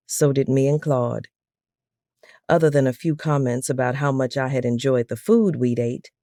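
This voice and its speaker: A woman with a low, warm voice reads a first-person audiobook in a steady, unhurried way. The recording is dry and close. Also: dry recording. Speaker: audiobook narrator.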